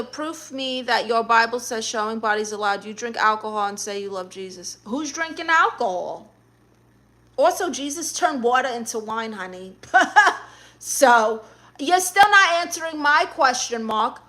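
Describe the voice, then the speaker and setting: On a casual livestream, a woman with a high-leaning, sharp-toned voice reads viewer comments out loud. Her answers are sassy, and she keeps calling people honey.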